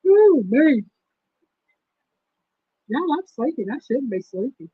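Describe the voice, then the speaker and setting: A woman with a fairly high voice hosts a relaxed trivia stream and reads each question slowly. The sound is dry and dull, with a lo-fi edge. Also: no room sound. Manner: reads quiz questions slowly and repeats them. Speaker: host. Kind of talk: casual livestream trivia chat.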